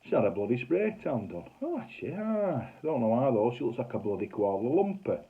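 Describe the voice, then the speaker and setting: A man's voice: mid-range voice, big pitch swings, fairly quick, husky. A man voicing a cheerful old Northern English pensioner with a broad, blunt way of talking. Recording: tinny phone-like audio.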